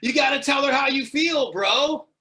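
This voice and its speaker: A man voicing a pushy surfer-type inner voice that shouts encouragement. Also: very high-pitched, normal speed, distant mic, slight background noise, pitched above the performer's own voice. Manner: pushy, shouting "dude" and "bro". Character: laid-back teenage surfer voice in his head.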